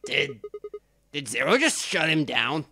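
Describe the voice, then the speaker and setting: Excitable swearing let's play streamer. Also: medium pitch, unhurried, vocal fry, over music. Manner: excitable, swearing, shouts at the game. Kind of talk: blind let's play commentary.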